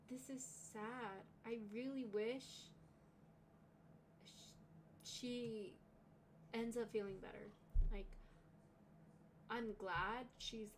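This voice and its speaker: A woman's voice: fairly high pitch, slight background noise. A young woman hosting a livestream reaction, talking emotionally and swearing often, with sighs. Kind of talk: casual reaction commentary.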